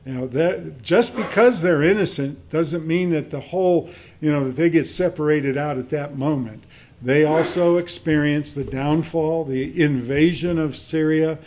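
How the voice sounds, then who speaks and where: Male preacher, pitch a touch high, unhurried sermon delivery with fillers and read-aloud scripture. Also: a little mellow. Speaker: pastor.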